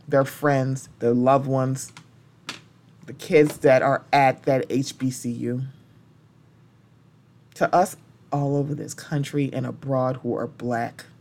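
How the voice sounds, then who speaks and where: A woman's voice: very deep voice, mellow. A woman hosting a solo podcast, talking in an impassioned, blunt way and not holding back on strong language. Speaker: podcast host.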